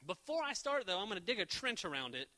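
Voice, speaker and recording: Preaching a relaxed, joke-filled sermon, a young man with a high and very bright voice tells Bible stories energetically, dropping into quick character voices. The long reverb of a church hall rings around him.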